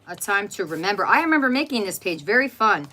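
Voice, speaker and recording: A woman's voice: medium pitch, very animated, fast, sharp tone, a little hiss or hum. A middle-aged woman hosting an art journaling channel, chatting casually while flipping through her journal and greeting viewers by name.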